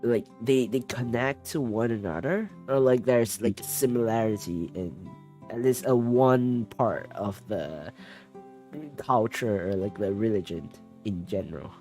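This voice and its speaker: Low-voiced man hosting a streamed chat. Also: measured pace, mellow, soft background music. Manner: hesitant, many fillers and restarts, playful teasing. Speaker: podcast host. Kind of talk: casual chat on a streamed talk show.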